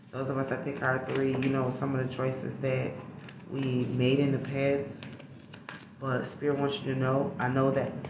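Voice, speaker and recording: A man's voice: medium pitch, reverberant, background noise. A man giving a casual tarot reading, talking straight to his viewers in a slangy, emphatic way with frequent swearing. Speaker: tarot reader.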